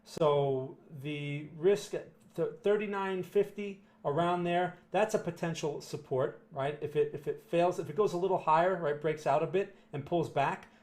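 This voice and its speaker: A man's voice: a little high, a little mellow. A man with a New Jersey accent giving blunt, emphatic live chart commentary to viewers, often tagging "right?" and "okay?" onto his points. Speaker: market analyst answering viewer questions.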